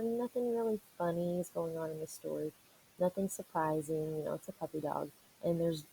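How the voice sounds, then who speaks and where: Woman teacher, picture-book read-aloud: encouraging, asks the kids questions, dark mellow tone. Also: sits low, creaky, slight background noise, poor audio. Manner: encouraging, asks and answers questions for young listeners.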